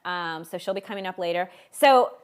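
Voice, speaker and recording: Woman, talk show host, casual chat, chatty, laughs often, lowish voice. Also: moderate pace, smooth. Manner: chatty, laughs often, many restarts and fillers.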